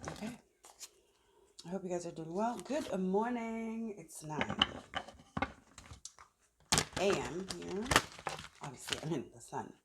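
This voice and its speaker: A woman's voice: low voice, animated, unhurried, long pauses, heavy background noise. A woman giving a casual tarot reading, thinking aloud as she pulls cards outdoors in the sun. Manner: chatty, thinks aloud while pulling cards. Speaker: tarot reader.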